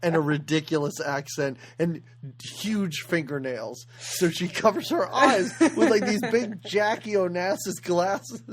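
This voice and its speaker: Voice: medium pitch, a little slow, few pauses. A podcast co-host chatting casually about an old movie, wry and sarcastic. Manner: wry, sarcastic, animated, quotes and mocks the film. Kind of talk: casual movie-review chat.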